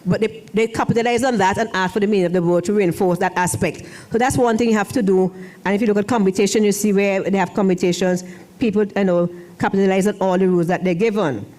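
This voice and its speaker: A woman's voice: mid-range voice, fairly even intonation, quick pace, darkish tone. A middle-aged woman, a former foreign language officer, giving a rambling ceremony speech in a church hall with many restarts. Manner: rambling, repeats and restarts phrases.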